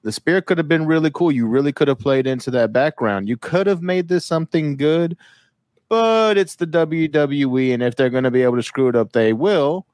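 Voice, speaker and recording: A man's voice: fairly high pitch, moderate pace, a little mellow, no echo. A man co-hosting a casual wrestling podcast, ranting bluntly and swearing freely. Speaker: podcast co-host.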